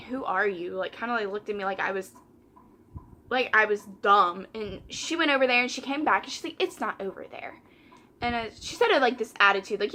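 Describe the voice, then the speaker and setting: A woman's voice: fairly high pitch, bright, forceful tone. A young woman, chatting casually while doing her makeup and retelling a story by quoting customers and coworkers. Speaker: vlogger.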